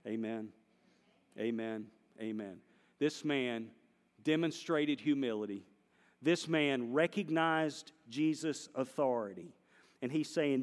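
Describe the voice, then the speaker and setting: A man preaching a sermon, swinging between hushed and loud passages. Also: mid-range voice, slow pace, big-room sound. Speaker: pastor.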